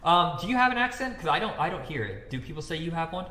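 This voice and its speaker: A man from Indiana co-hosting a casual movie-review podcast, talking in an animated, profane way and laughing often. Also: fairly high pitch, quick pace, slight background noise. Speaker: podcast co-host. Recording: echoey room with long reverb.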